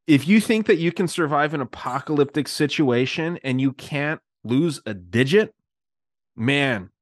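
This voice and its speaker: A man's voice: a little high, expressive, unhurried, no echo, clean studio sound. A man co-hosting a podcast, ranting bluntly and crudely in casual chat. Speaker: podcast co-host.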